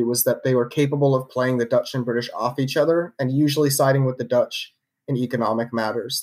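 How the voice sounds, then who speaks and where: A man co-hosting a podcast, telling a history story in a casual, conversational way, with many fillers and restarts. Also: medium pitch. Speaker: podcast co-host narrating history.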